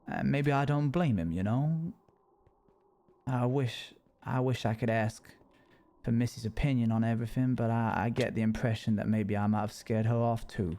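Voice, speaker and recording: A man's voice: mid-range voice, steady tone, moderate pace, warm tone. A man streaming a survival game, talking to himself in character with folksy rustic phrasing and frequent chuckles. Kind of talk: in-character role-play narration.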